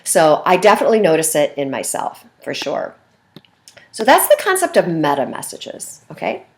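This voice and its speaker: A woman teaching a communication class in a recorded video lecture, expressive and talking with her hands, acting out everyday conversations. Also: low voice, normal speed. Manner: acts out phone calls in lively voices. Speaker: communication instructor.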